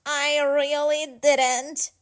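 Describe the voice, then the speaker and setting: A woman's voice: high voice, animated, slow pace, bright, forceful tone, voice pushed up, heavily acted. A woman doing an earnest young boy. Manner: pleading and indignant.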